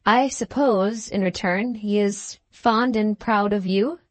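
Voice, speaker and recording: A woman's voice: medium pitch, slow pace, dry recording, natural voice. A woman voicing a strange, bitter young male medical student in an audiobook, with a harsh, sarcastic, mocking way of talking. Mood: sardonic. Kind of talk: audiobook character reading.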